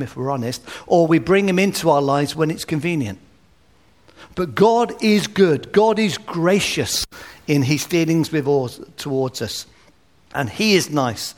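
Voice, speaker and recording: A man preaching a sermon with gentle humor and anecdotes, at a baby's naming. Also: fairly high pitch. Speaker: pastor. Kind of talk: sermon at a baby dedication.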